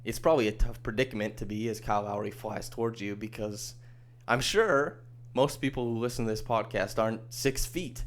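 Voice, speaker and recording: A man's voice: on the low side, brisk. A man hosting a solo sports podcast, talking in a chatty, wry, easygoing way. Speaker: podcast host. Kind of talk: casual solo podcast commentary.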